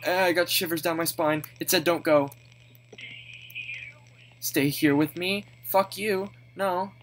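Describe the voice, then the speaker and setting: Young woman, horror let's play host; low, slow voice, foul-mouthed, panicky, hissy background noise. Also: steady tone. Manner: panicky, swears a lot, swings from low mutters to high shrieks. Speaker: gaming channel host.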